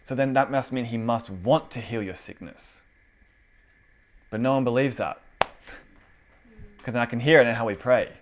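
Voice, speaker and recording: A young man preaching a casual, conversational sermon with an animated delivery and lots of fillers. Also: mid-range voice, a little slow, long pauses, slight background noise.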